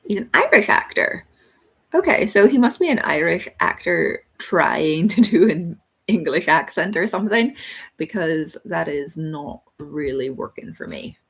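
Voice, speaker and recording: Woman host, casual live-stream reviewer; low, slightly breathy voice, meandering and talkative. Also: expressive, a little slow, a bit bright. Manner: rambling and chatty, thinking aloud with many ums.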